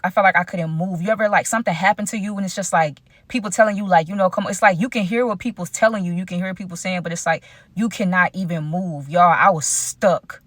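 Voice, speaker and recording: A young woman spins a dramatic personal story in casual vlog talk. She speaks straight to her viewers at a middling pitch. The sound is close and completely dry. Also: brisk, no room sound. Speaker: storytime vlogger.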